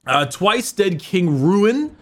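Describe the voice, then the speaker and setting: Slow and rambling, a podcast co-host talks casually about a book, restarting often and filling gaps with filler words. His voice is high and a bit bright, with big swings in pitch.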